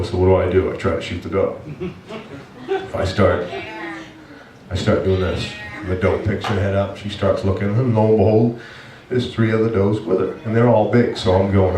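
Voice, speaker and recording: Low-voiced pastor preaching in an echoey church. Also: male voice, flat delivery, moderate pace, recorded from a distance, crowd noise. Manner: storytelling, earnest and emotional. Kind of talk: sermon. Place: church sanctuary. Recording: echoey church heard from afar.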